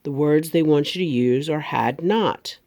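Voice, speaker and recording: A female teacher runs a remote grammar lesson for young students, speaking slowly and over-enunciating each word. Her voice is low with a darkish tone.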